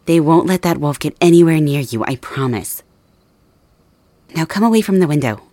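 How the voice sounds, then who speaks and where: A woman voicing a protective young female friend in an ASMR role-play, talking softly and reassuringly straight to the listener. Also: sits low, animated, normal speed, no echo. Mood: caring. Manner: soft, reassuring, addresses listener directly.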